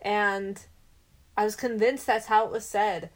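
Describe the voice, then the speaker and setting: A woman's voice: mid-range voice, fairly even intonation, unhurried. A woman co-hosting a laid-back movie podcast. She tells stories in a playful, rambling way and drifts from point to point. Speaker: podcast co-host. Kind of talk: casual movie podcast chat.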